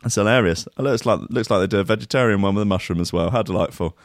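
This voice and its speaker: A radio host with a lowish voice races through a news story, mocking it with sarcastic, swearing asides. It's casual comedic news chat, recorded dry with clean studio sound.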